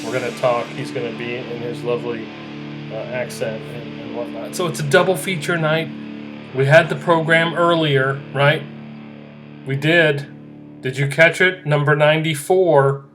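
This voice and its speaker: A man hosting his own podcast in an excitable, rambling solo monologue, often repeating himself and joking about his own eccentricity. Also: medium pitch, a little slow, over music. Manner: excitable, repetitive, self-deprecating. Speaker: podcast host.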